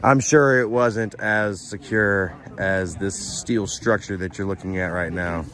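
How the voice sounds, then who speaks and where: A low-pitched man speaks in a steady tone at a measured pace, a crowd audible behind him, as he vlogs from a mountain lookout. Nervous and exclaiming anxiously, he narrates casually into a handheld camera, and the outdoor audio has background noise.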